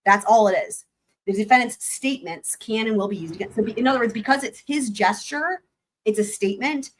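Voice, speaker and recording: A woman's voice: on the high side, brisk, a little hiss or hum. A woman hosting a livestream, chatting casually and animatedly about legal points and swearing now and then. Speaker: livestream host.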